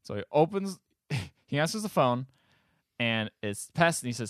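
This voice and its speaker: Male podcast co-host, mid-pitched, dry close mic, sardonic plot recap. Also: normal speed, fairly bright tone, no echo. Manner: sarcastic, exasperated retelling with profanity. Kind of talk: casual chat.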